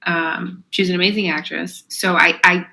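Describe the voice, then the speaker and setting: Woman podcast cohost, lowish bright voice, rambly chatty with lots of likes and ums. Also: steady tone, moderate pace, vocal fry, poor audio. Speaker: podcast co-host. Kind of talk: casual chat.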